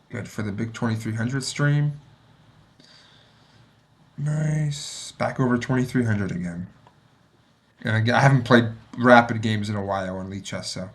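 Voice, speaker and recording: A man streaming himself playing chess, thinking aloud and muttering to himself, sometimes mocking his own mistakes and getting excited. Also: medium pitch. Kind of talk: thinking aloud while playing and reviewing a game.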